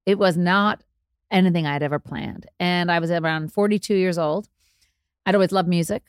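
A woman's voice: moderate pace, clean tone, dry recording, studio quality. Chatty woman telling stories. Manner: chatty, self-deprecating, acts out quotes with big pitch jumps. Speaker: DJ and interview guest. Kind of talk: candid storytelling interview.

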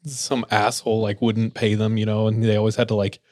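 A man hosting a podcast, telling ghost stories in a relaxed way with lots of filler words. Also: fairly low pitch, fairly quick, dry recording, clean studio sound. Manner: relaxed, filler-heavy, laughs easily. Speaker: podcast host. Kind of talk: casual spooky storytelling.

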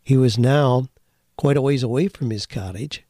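Folksy, encouraging older man, mellow tone. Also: mid-range voice, moderate pace, dry recording, clean studio sound. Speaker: podcast host answering listener questions. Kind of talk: conversational advice with storytelling.

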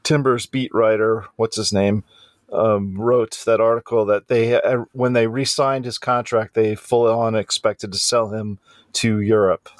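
A man's voice: lowish voice, steady tone, unhurried, dry recording. A man co-hosting a casual podcast, teasing dryly and stumbling over restarts. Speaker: podcast co-host. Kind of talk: casual chat.

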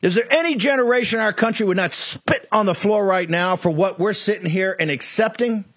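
A man's voice: sits high, fairly quick, fairly bright tone, no echo. A middle-aged man hosting a political talk show, delivering a fiery, ranting monologue full of repeated accusations. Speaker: host.

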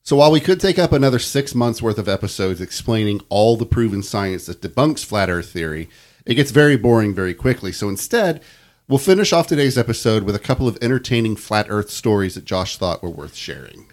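A man's voice: fairly low pitch, lively intonation, brisk, darkish tone. A man hosting a casual podcast, reading a story from notes and laughing often. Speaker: podcast host.

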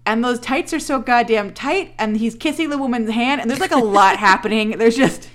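A woman in her thirties co-hosting a podcast, recapping a TV episode in casual chat, animated, swearing and laughing often. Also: a little high, normal speed. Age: 30s. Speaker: podcast co-host.

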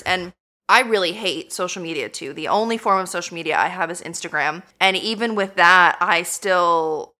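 Guest: young American woman, emotional and earnest, bright tone. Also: fairly low pitch, normal speed. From United States. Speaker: podcast guest. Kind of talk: casual interview chat.

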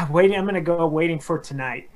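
A man's voice: fairly high pitch, fairly quick. A man chats loosely on a podcast, answering trivia questions in a jokey, rambling way. He riffs on each answer, wanders into tangents, and keeps the tone light and playful throughout. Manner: jokey, riffs and tries impressions. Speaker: podcast co-host and contestant. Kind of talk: casual podcast chat.

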